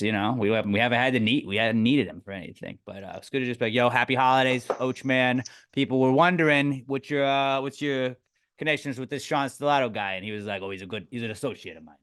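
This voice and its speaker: A young man with a bright, forward voice and a smooth, clear tone, co-hosting a podcast. He tells loose, profane stories in easy chat and mimics tough guys when he quotes them. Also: medium pitch. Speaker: podcast co-host. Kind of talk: casual chat.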